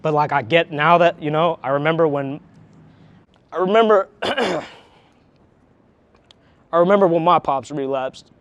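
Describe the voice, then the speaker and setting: Male interviewee, frank and profane, with a voice pitched a bit high, reflective and halting. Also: fairly bright tone, clean tone, no echo, dull audio. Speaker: interviewee, harm reduction worker. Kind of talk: candid emotional interview.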